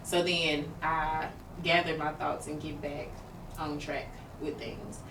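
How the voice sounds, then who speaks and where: A woman with a deep voice talks slowly and flatly, speaking candidly as a podcast co-host in a roomy space. She's open and rambling with many fillers, recorded far from the mic against a noisy background.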